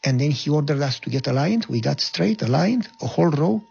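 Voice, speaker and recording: A man with a Romanian accent giving an earnest personal testimony in a halting, storytelling way. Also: a little high, lively intonation, darkish tone. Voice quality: gravelly, husky. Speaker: guest telling his life story. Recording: lo-fi dull recording.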